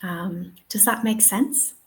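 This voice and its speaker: A woman's voice: mid-range voice, fairly even intonation, slow, rough recording. Chatty Irish woman teaching pronunciation. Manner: chatty, upbeat, answers chat questions. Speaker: TEFL webinar trainer. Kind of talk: live webinar Q&A.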